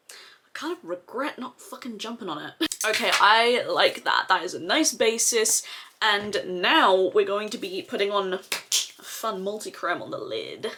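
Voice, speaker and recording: A woman's voice: mid-range voice, fairly bright tone. A woman chatting casually while doing her makeup, swearing freely and filling her talk with "like". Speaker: makeup vlogger.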